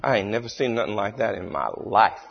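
A man's voice: on the low side, brisk, creaky, slightly rough. A man doing a squawky doubting Cajun guy in an echoey hall. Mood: incredulous. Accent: imitated Cajun. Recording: echoey hall, dull lo-fi sound.

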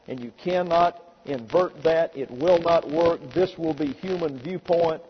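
Emphatic pastor preaching in a church. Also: male voice, on the high side. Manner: emphatic, slows and stresses scripture quotes. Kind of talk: sermon. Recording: dull, echoey church recording with faint hiss.

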